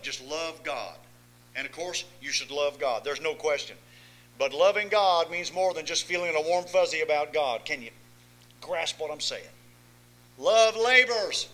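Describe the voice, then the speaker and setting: Man preaching, high voice, very bright and sharp, folksy, swings from soft asides to loud emphatic lines. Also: low-quality recording. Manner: folksy, asks listeners if they follow. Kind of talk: sermon.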